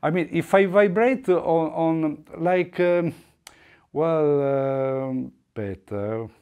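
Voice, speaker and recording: A man teaching double bass technique in a masterclass, explaining in a halting way with frequent restarts. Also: darkish tone, clear, resonant tone. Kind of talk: instrument masterclass demonstration. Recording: faint bowed string music behind.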